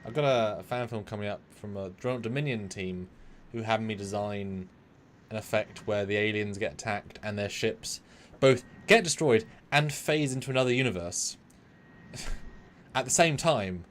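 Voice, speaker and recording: A man's voice: fairly low pitch, normal speed, slight background noise. A man co-hosting a live stream, chatting casually with laughs and trailing asides. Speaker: show co-host. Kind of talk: casual livestream chat.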